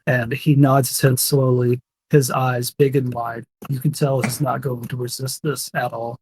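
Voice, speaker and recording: A man's voice: medium pitch, flat delivery, a little slow, a little mellow, a little hiss or hum. A young man running a tabletop game as game master, narrating casually with fillers.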